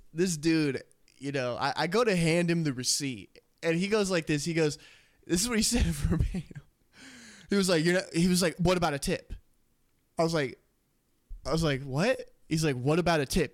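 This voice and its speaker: A young man co-hosting a podcast, telling a rambling, profane story full of laughter in casual chat. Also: fairly high pitch. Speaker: podcast co-host.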